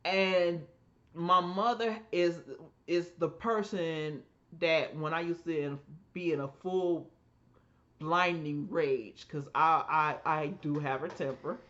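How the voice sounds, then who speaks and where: A woman co-hosting a podcast, telling family stories in an emphatic, animated way and acting out the voices she quotes. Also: deep voice, takes it slowly, highs cut off. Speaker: podcast co-host. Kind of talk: casual storytelling chat.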